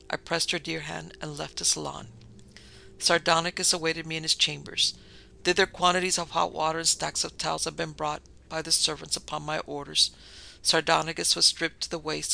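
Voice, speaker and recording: A man narrating a gothic tale as an audiobook, in a formal, measured manner. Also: fairly high pitch, vocal fry, sharp tone, rough recording.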